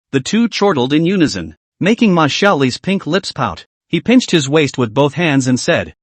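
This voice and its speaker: A man's voice: a little high, sing-song, brisk, hardly any pauses, no room sound. A man narrating a story recap in a scripted storytelling delivery.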